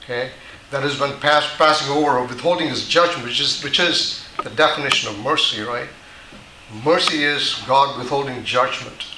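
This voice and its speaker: A man's voice: mid-range voice, normal speed, roomy sound, noisy background. A man preaching a sermon, teaching patiently and often restarting his sentences. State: dry mouth. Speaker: pastor.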